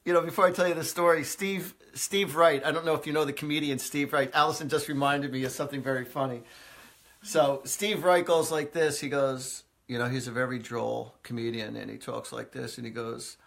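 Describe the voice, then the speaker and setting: A man's voice: medium pitch, steady tone, brisk, vocal fry, fairly bright tone. A man hosting a live stream as a psychic, telling stories in a chatty way with many fillers, often laughing. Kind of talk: casual live-stream storytelling. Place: indoors, live video stream.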